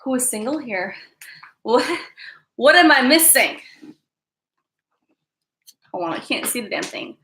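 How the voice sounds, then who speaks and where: A woman's voice: a little high, lively intonation, measured pace, pauses often, bright, forceful tone, echoey room. A woman hosting a casual live stream from an upstairs room at home, chatty and apologetic, often calling her viewers "guys".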